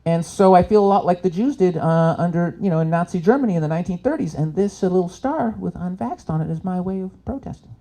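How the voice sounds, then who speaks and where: On an expo stage in front of a live crowd, a comedian from Canada tells lively stories and acts out the people in them with different voices. His voice sits high, and he moves at a quick clip with hardly any pauses.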